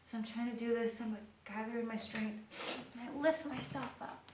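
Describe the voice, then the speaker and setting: A woman's voice: a little high, normal speed. Woman telling her story in a roomy kitchen. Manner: animated storytelling, dropping to quiet whispers. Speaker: vlogger sharing her illness story. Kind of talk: personal video diary. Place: kitchen of an old house. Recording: roomy, distant mic with faint noise.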